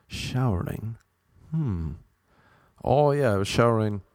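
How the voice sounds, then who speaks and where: A man's voice: mid-range voice, animated, takes it slowly, darkish tone, no room sound, studio quality. A young Irish man with an Irish accent, rambling through a loose comic monologue and drifting off on tangents. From Ireland. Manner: loose, jokey, goes off on tangents. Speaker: comedian.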